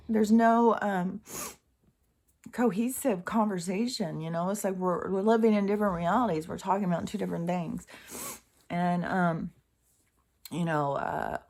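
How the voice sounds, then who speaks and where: A woman's voice: fairly low pitch, a little mellow. A middle-aged woman vlogging an emotional, unscripted rant, rambling, swearing and sighing between thoughts.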